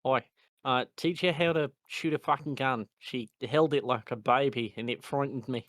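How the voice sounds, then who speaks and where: Male GM voicing an Australian henchman: chipper, brash, swears a lot, mid-pitched. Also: steady tone, moderate pace, fairly bright tone, no echo, natural voice. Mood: exasperated. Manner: chirpy, blunt, swears freely. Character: loud cheerful Australian henchman, rough-mouthed.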